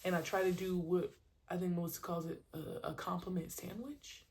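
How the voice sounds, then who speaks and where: Woman host, lowish pitch, casual and slangy, animated youth-coach energy. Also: normal speed, slight background noise. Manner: animated, acts out her own coaching shouts; slangy, conversational. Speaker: podcast host and youth sports trainer. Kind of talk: casual monologue.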